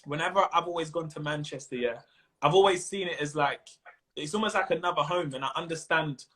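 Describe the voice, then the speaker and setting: A comedian guest on an Instagram live stream, this man has a high, bright voice and a London accent. In a relaxed interview chat he is animated, sprinkling in street slang and repeatedly dropping into quick impressions of others, with a sharp, forward tone.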